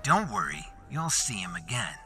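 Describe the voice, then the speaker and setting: A creepy male improv actor with a chilling, slow, menacing delivery, as a male narrator puts him on. His voice sits a little higher than a plain low speaking voice and swings widely. Faint music plays behind. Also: big pitch swings. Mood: eerily soft. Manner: chilling slow menace, then eerie softness.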